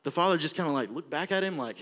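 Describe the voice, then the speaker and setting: A young man from Alabama with an Alabama accent preaching a sermon in a church auditorium, passionate, swelling from quiet talk to near-shouting. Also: on the high side, expressive, fast. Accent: Southern US, Alabama. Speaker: youth preacher.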